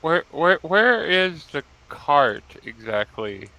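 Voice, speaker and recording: A man's voice: on the high side, sing-song, takes it slowly, sharp tone, rough recording. A man playing in a tabletop game, thinking aloud and sounding unsure as he chats casually. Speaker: player.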